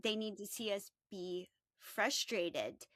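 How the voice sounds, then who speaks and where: A woman's voice: mid-range voice, slow, a bit bright, dry recording, studio quality. A woman co-hosting a podcast, speaking earnestly and sincerely about feelings. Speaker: podcast co-host. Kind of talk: casual chat.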